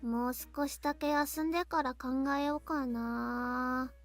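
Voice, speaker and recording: A woman's voice: high-pitched, steady tone, fairly quick, soft background music. An actress voicing a carefree, gluttonous young goddess girl in an anime game, cheerful and teasing.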